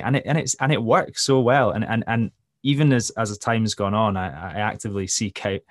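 Low-voiced scottish guy, soft accent, dry close sound, keeps restarting. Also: fairly even intonation, no room sound. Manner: enthusiastic, halting with repeated words. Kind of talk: casual conversation.

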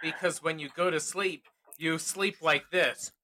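A man's voice: on the high side, steady tone, measured pace. A man in a casual chat with friends, teasing them and laughing often. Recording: noisy mic with clicks.

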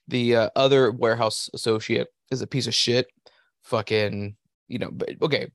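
Man, young adult, podcast host, profane rambling storyteller, mid-pitched voice, dry sound. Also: fairly even intonation, normal speed, smooth, no room sound. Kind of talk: casual chat.

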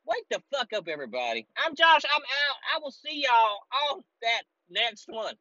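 A man's voice: very high voice, very animated, normal speed, sharp tone, no room sound, highs cut off. A man hosting a solo podcast from his car, delivering a heated, profane, rambling rant. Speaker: podcast host. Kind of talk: ranting solo podcast recorded while driving. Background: air conditioner running.

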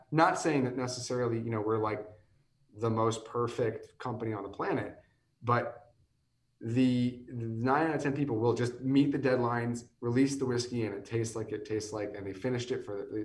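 A man's voice: medium pitch, far from the mic. A tired man in his thirties chats on a podcast, rambling and restarting his sentences as his voice wears thin. He sits a bit back from the mic in a roomy space that gives his voice an echo. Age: 30s. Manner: chatty, rambling with many restarts and fillers. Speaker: whiskey company guest. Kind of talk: casual podcast conversation.

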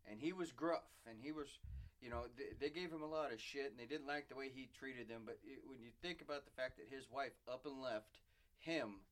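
A middle-aged man co-hosting a casual chat, telling stories in a chatty, animated way. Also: medium pitch. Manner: chatty, animated, quick to jump in.

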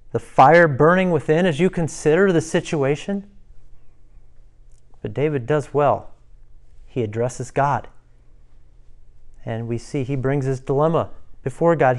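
A man preaching a devotional sermon, retelling a psalm with rising passion. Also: a little high. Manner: impassioned, rising loud when voicing David's prayers.

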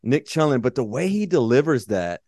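A man co-hosting a podcast, chatting casually and profanely about movies in a rambling, animated way. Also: mid-range voice, moderate pace, no room sound, clean studio sound. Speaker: podcast co-host.

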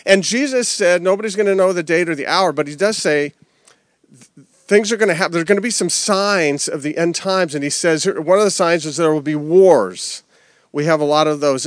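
A man's voice: fairly high pitch, dry recording, studio quality. A man preaching a conversational sermon outdoors, with rhetorical questions and repeated phrases. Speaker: pastor. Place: outdoor service.

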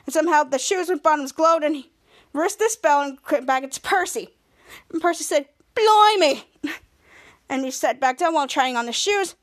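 A young woman hosting a podcast, excitedly recapping a TV episode and acting out the characters' lines in playful voices. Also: high voice, brisk. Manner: excited, rambling, acts out quotes in playful voices. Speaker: podcast host.

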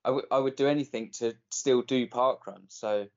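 A man's voice: medium pitch, normal speed, a little mellow. A man on a comedy podcast, rambling and tripping over his words. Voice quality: rambling, stumbling restarts. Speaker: podcast co-host. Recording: slightly dull lo-fi sound.

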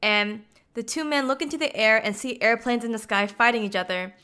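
Speaking a little fast in a highish voice that's pushed, bright and smooth, a woman chattily retells a film's plot. Her casual recap is loaded with "like" fillers.

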